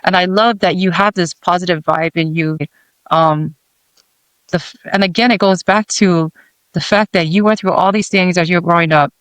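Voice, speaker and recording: High-pitched guy hosting a podcast, supportive, lots of ums, dry close mic. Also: fairly even intonation, moderate pace, clean tone, no echo, low-quality recording. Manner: warm, supportive, with hesitant fillers. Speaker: podcast host. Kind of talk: podcast interview.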